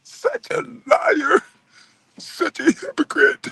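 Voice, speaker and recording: A whiny grown man sobbing over being wronged, as a man puts him on. His voice is pushed high and wavers all over the place, dragged out slowly between sobs. It is heard close and dry. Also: very animated, creaky, pushed and bright, no room sound, exaggerated voice. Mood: mock sobbing. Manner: high, drawn-out sobbing whine.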